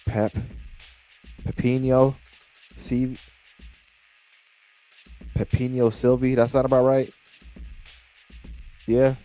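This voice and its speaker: A man's voice: mid-range voice, level tone, slow, long pauses, warm tone. A man hosting a casual music reaction, chatty and loose, talking straight to his viewers with lots of restarts. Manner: loose and chatty, with many restarts and hype phrases.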